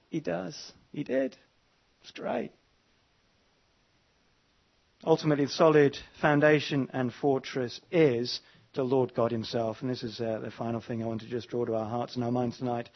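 A man's voice: medium pitch, moderate pace, vocal fry, lo-fi sound. A man preaching an evening sermon, emphatic and repeating his words, with frequent fillers. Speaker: pastor.

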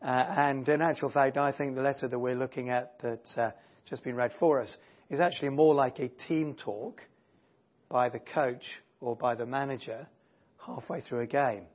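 A man gives a church sermon while his voice is giving out. He speaks at a middling pitch, hesitates often with fillers, and is heard through a dull, lo-fi church recording. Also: fairly even intonation, normal speed. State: losing his voice, clearing throat. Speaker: preacher.

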